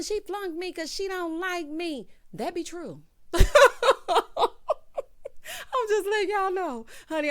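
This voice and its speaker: Sassy, animated woman recapping a show. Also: medium pitch. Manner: sassy, animated, quips and mimics people. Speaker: reality show recap host. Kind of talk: casual commentary.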